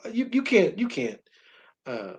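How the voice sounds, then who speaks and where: A man's voice: high voice, huge pitch swings, unhurried, breathy edge. A middle-aged man co-hosting a sports talk show, talking emphatically and repeating words when he gets fired up. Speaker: sports radio co-host.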